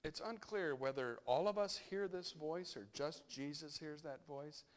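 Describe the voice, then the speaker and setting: Man giving a reflective, conversational sermon. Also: on the high side. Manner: reflective, unhurried, thinking aloud with small restarts. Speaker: pastor.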